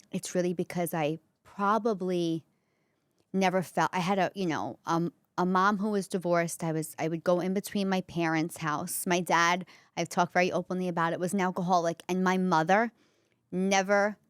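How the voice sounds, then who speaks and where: A woman's voice: fairly low pitch, clear, resonant tone, no echo, studio quality. Chatty Bronx-accented woman comedian. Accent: New York (Bronx). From the Bronx, New York. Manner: chatty storytelling, many fillers. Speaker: comedian and podcast host. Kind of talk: candid solo podcast monologue.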